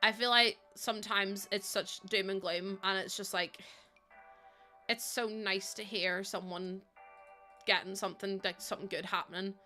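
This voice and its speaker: A woman's voice: mid-range voice, fairly even intonation, moderate pace, pushed and bright, soft background music. A young woman chatting casually on a game livestream, rambling and answering her chat. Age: young adult.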